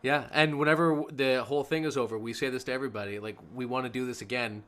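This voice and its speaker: A man's voice: mid-range voice, steady tone, fast talker, fairly bright tone. A man hosting a casual podcast, making dry joking asides and signing off the episode. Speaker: podcast host.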